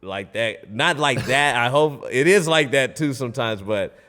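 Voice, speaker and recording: A man's voice: mid-range voice, expressive, measured pace, a bit bright. Comedian guest, easygoing male storyteller, reverb-heavy room. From Fresno, California. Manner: laid-back storytelling, acts out voices, laughs often. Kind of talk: casual podcast chat.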